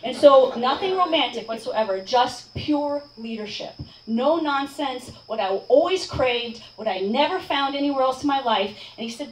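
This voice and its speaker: High-voiced woman telling a story live. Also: moderate pace, hardly any pauses. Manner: animated, playful, swears casually. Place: bar at a storytelling night. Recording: echoey bar room, distant mic, faint noise.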